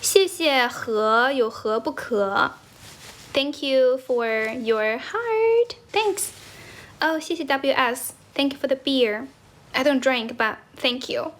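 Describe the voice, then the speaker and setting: A young woman from China chats casually on a livestream, switching between English and Chinese. Her voice sits a little high. She laughs often and keeps thanking viewers for their gifts. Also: slow pace, a bit bright. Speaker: livestream host. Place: indoors, squatting while streaming.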